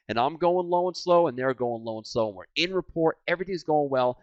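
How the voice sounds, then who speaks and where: A man in his forties teaching sales, energetic and animated, swinging from loud and hyped to low and quiet. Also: a little fast, hardly any pauses, dry recording. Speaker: sales trainer. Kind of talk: energetic training talk. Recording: dry, slightly dull lo-fi sound.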